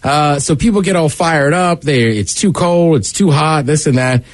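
A man hosting a talk show in casual banter, chatty and animated as he tells stories and sets up clips. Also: fairly high pitch, moderate pace, no echo. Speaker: radio show host.

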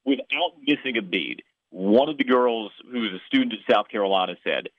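A man's voice: lowish voice, lively intonation, fairly quick, hardly any pauses, dry recording. A man from the Chicago area with a Chicago accent, a play-by-play broadcaster telling stories and answering questions in an interview. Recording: tinny phone line.

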